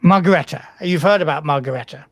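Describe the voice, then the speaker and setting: A game master from the United Kingdom narrates a tabletop role-playing game at a mid pitch. The delivery is hesitant, with many fillers and restarts, and the recording is dry and close. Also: quick pace, no room sound. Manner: hesitant, filler-heavy, self-deprecating.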